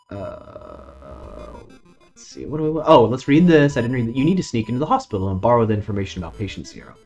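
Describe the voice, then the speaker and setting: A man streaming a horror board-style game, reading its text aloud and reacting with casual jokes and swearing. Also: mid-range voice. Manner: animated, swears casually, jokes at his own bad luck. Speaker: gaming streamer. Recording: dull lo-fi sound with faint music behind.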